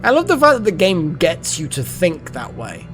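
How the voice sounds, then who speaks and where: Man, let's play commentary, excitable, rambling, lively pitch, soft background music. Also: moderate pace. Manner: rambling, excitable, muttering to himself. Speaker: gaming channel host.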